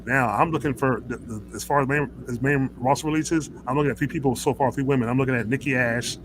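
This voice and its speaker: A man's voice: medium pitch, steady tone, fast, a little hiss or hum, low-quality recording. A man hosting a casual wrestling talk show, ranting in a heated, rambling way, with many stammers and restarts. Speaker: host.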